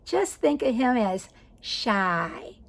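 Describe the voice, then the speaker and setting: A sweet, motherly nurse quoted by a woman who speaks slowly and soothingly in a husky, gravelly voice. She sounds kindly and reassuring. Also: a little high, big pitch swings, full character voice.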